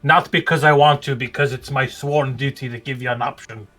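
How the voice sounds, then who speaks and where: A man voicing a gruff dwarf paladin, blunt and duty-bound, in a low growl. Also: fairly even intonation, a little fast, a bit bright, soft background music, lightly acted. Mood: stern.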